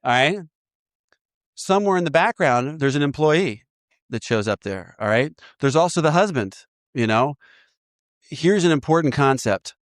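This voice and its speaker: A man sponsoring in a recovery program, walking a listener through an inventory in a lively, joking way with frequent laughter. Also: a little high, moderate pace, no echo, clean studio sound. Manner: animated, laughs often, acts out voices. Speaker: AA sponsor guiding a step inventory. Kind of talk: casual teaching talk.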